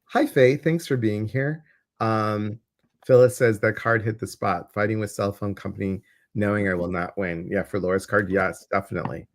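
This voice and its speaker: A man's voice: on the low side, fairly even intonation, moderate pace. Chatty male livestream coach. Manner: warm, chatty, addresses viewers directly. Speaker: intuitive coach and stream host. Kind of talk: livestream chat reading viewer comments.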